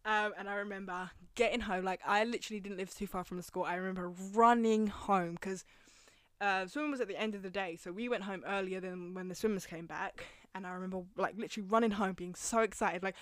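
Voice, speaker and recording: A woman's voice: medium pitch, a little fast, dry recording, studio quality. Foul-mouthed gossipy woman. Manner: profane, gossipy and animated, laughs often. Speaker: podcast host. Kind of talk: casual storytelling monologue.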